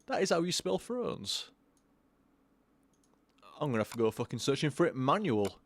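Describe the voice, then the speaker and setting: A man's voice: a little high, sing-song, moderate pace, no room sound. A drunk young man streaming a game live, rambling, swearing and stammering over his own words.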